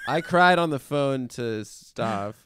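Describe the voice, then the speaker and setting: A man's voice: medium pitch, lively intonation, slow pace, a bit bright, clear, resonant tone, dry recording, studio quality. A young man co-hosting a comedy podcast, telling stories in a goofy, laughing way. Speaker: podcast co-host. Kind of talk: casual comedy chat.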